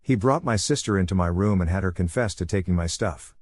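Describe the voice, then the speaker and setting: A man giving a steady, scripted narration of a story. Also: deep voice, a little fast, husky, no room sound, clean studio sound.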